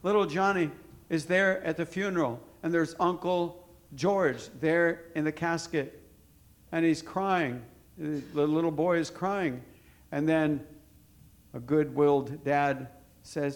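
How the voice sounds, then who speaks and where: A man's voice: a little high, slow. A man preaching a sermon to a congregation, emphatic, asking questions and answering them himself.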